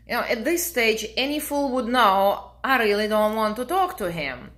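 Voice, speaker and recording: Bright-voiced deadpan woman telling a story. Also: fairly high pitch, moderate pace, few pauses. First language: Russian. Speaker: vlogger. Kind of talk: casual storytelling to camera.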